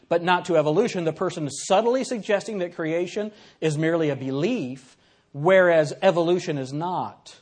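A man giving a classroom lecture, reading examples aloud and putting questions to his audience in an animated, conversational way. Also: fairly high pitch, slightly rough.

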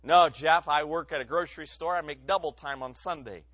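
Preaching a sermon, an Ohio man shares his own testimony earnestly and emotionally, rising into loud emphasis and dropping to near quiet. His voice is a little high and a little fast, with no echo in the recording.

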